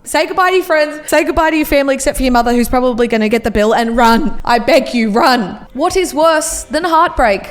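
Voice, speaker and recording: A woman's voice: sits high, quick pace, few pauses. A young woman in her twenties vlogging about everyday annoyances, with mock-dramatic delivery and exaggerated groans. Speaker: YouTuber. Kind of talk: comedic reaction vlog.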